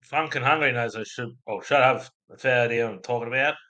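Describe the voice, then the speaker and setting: Bright-voiced Australian man streaming. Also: medium pitch, quick pace. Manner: rambling, chatty, laughs at chat. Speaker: livestream host. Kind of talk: casual livestream chat.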